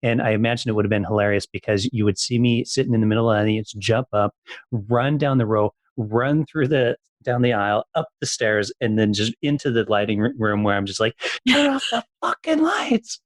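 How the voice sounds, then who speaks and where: A man's voice: lowish voice, fairly even intonation, a little fast, no room sound. Teasing male interview host. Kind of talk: casual interview chat.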